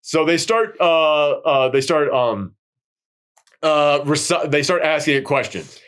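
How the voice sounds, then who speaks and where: A man hosting a podcast, recapping a low-budget horror film in an excitable, rambling way and swearing freely. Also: takes it slowly, clear, resonant tone. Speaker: podcast host. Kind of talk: casual film recap chat.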